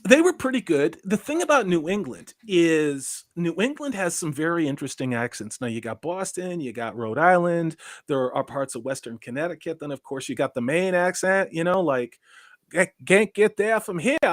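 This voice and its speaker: A man's voice: mid-range voice, no echo, clean studio sound. A man hosting a casual livestream, reading out chat comments and riffing on them with rambling, sarcastic asides.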